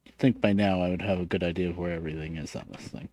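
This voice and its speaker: A man's voice: low-pitched, steady tone, racing, darkish tone, a little hiss or hum. A man with a lisp, casually rambling as he streams a game and mutters to himself. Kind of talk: casual live-stream commentary while playing.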